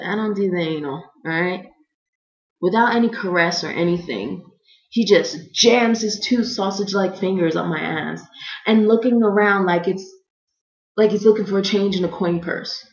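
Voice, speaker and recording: A young woman from the United States tells a funny personal story with lively energy, jumping into little voices for the people in it. Her voice sits a bit low, and the sound is dull and lo-fi in a roomy, echoey space. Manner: animated, acts out other people's lines in voices. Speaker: vlogger.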